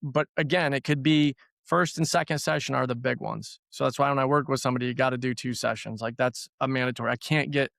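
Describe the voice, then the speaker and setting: Guy with a gravelly voice talking casually on a podcast, dry close mic, repeats stuff for emphasis. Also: mid-range voice, fairly even intonation, quick pace, hardly any pauses, a bit bright, no echo. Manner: conversational, repeats words for emphasis. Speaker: trauma therapy practitioner.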